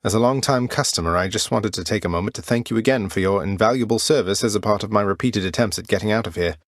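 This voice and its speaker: An actor playing a wry, good-natured young prince of the underworld, with a dry, polite manner in game voice lines. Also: male voice, fairly low pitch, quick pace, dry recording, close to an everyday voice. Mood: joking. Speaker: video game protagonist. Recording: dry studio recording.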